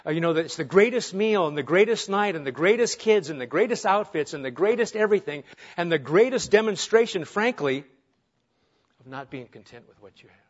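A male pastor preaches an earnest, emphatic sermon, throwing rhetorical questions at his listeners. His high-pitched voice is brisk with lively intonation. The recording has a dull lo-fi sound.

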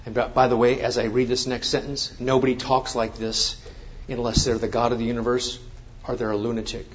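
Emphatic male preacher, lo-fi sound. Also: medium pitch. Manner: emphatic, rising to forceful exclamations. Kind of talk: sermon with scripture reading. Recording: dull lo-fi sound.

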